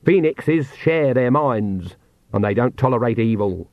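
A man voicing a stern old witch, blunt and wry in a brisk commanding way. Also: mid-range voice, lively intonation, no room sound, lo-fi sound. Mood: dry commanding.

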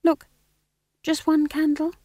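A woman's voice: fairly high pitch, very animated, moderate pace, mellow, dry recording, studio quality, voice pushed up. A woman voicing a young, earnest witch who sounds fretful, defensive and pleading.

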